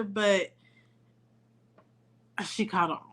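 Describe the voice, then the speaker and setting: A woman co-hosting a motherhood podcast, chatting in a relaxed, conversational way. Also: mid-range voice, normal speed. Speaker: podcast co-host. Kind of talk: casual chat.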